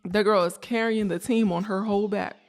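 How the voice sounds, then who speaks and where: A woman's voice: medium pitch, steady tone, fairly quick, darkish tone, faint music behind. A young woman co-hosting a podcast, talking in a chatty, slangy way and laughing often. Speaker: podcast co-host. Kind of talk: casual chat.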